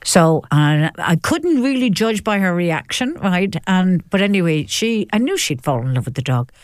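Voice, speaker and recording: An older woman tells stories as a guest in a chat interview. Her telling is lively and animated, full of repetitions and laughter. The sound is close and dry. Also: on the low side, moderate pace, no room sound. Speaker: actress and guest. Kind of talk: chatty interview storytelling.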